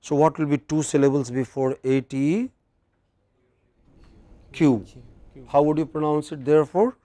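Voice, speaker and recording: A man's voice: a little high, steady tone, brisk, dark tone, no echo. A man with an Indian English accent teaching English word stress in a classroom lecture, quizzing his students.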